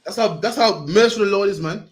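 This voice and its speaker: Fast-talking man teaching scripture. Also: sits high. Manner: fast, slangy, peppers lines with "man" and urges readers on. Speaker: Bible class teacher. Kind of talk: lively street-style Bible teaching.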